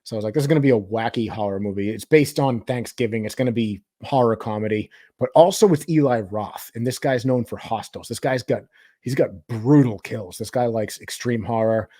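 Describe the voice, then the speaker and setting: A man's voice: mid-range voice, moderate pace, dark tone, no room sound, clean studio sound. A man hosting a movie review podcast, talking casually in a rambling way, often restarting and hedging his points. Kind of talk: casual chat.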